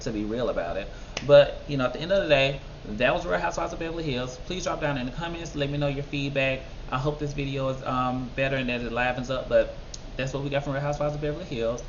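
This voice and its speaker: An animated man reviews a reality show in casual commentary, talking back at the screen. His voice sits at an ordinary middle pitch. The recording is a little dull and lo-fi, with a faint hiss behind it. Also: fast talker. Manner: animated, talks back at people on screen, mimics others in high voices. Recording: slightly dull lo-fi sound with faint background noise.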